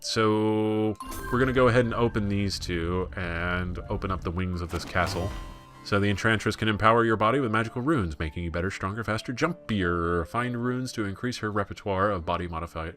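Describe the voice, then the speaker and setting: A man's voice: lowish voice, brisk, a bit bright, soft background music. A young American man giving rambling, self-deprecating gameplay commentary. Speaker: let's play gamer.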